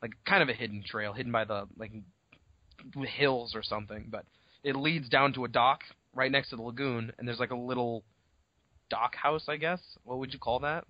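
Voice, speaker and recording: A man co-hosting a podcast, retelling a story in a casual, profane, animated way on dull lo-fi audio. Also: mid-range voice, moderate pace, no room sound. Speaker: podcast co-host. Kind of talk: casual chat.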